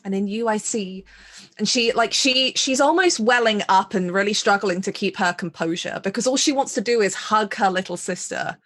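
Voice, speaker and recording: A woman's voice: medium pitch, moderate pace, a bit bright. A woman player in a tabletop game who casually narrates her character's feelings and hedges often with "like". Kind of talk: casual role-play narration.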